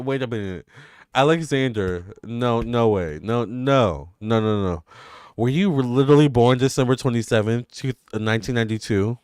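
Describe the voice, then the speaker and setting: A man, hosting live tarot readings and chatting excitedly with viewers. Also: mid-range voice, clear, resonant tone, dry recording, clean studio sound. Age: 30s. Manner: excitable and gushing, quick swings between squeals and murmurs. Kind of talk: casual livestream chat with viewers.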